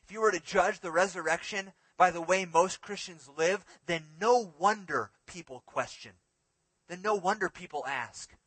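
A man preaching a sermon in a dramatic way, swinging between emphatic, loud lines and hushed ones. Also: high voice, moderate pace, husky, no room sound.

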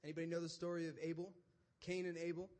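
A young male preacher with a light, high voice, telling his sermon like a chat with friends. He keeps it casual and animated, tossing in "like" and "right?" as he goes. His pace jumps between quick bursts and slower, stressed points. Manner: casual, conversational, animated storytelling with frequent "like" and "right?".

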